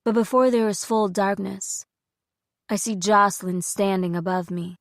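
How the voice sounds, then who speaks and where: A woman narrating a thriller audiobook in the first person, steady and measured, on a close studio mic. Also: mid-range voice, no echo.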